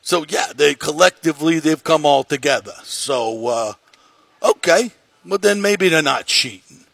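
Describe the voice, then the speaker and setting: A man impersonating a loud, brash male New York sports radio host, with a New York accent and a gravelly, husky voice. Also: on the high side, a little slow, dry recording, full character voice. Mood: mocking, blustery.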